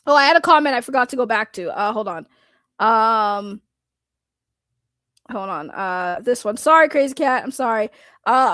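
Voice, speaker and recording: A woman from Boston ranting on a live stream, loud, blunt and sarcastic, laughing often. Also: on the high side, no room sound. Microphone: computer microphone.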